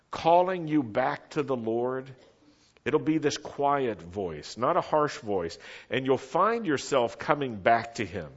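A man preaching a sermon in a slow, measured way, his voice dropping almost to a whisper on quiet phrases and rising for emphasis. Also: medium pitch, highs cut off.

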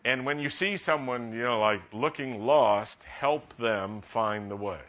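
A man preaching a sermon to a congregation in a conversational, practical way, rising to animated emphasis. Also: medium pitch, unhurried. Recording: dull lo-fi sound.

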